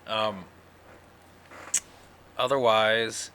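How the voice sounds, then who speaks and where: A man's voice: medium pitch, normal speed, bright, forceful tone, a little hiss or hum. A man hosting his own podcast, talking casually and sleepily in a rambling, profane monologue. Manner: rambling, yawning, profane, full of fillers. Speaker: podcast host.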